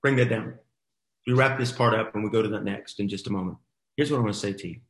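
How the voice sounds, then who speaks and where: A man's voice: fairly low pitch, rapid-fire, a bit bright, roomy sound. A middle-aged man telling a motivational story as host of a coaching boot camp, emphatic and exhorting, repeating his phrases.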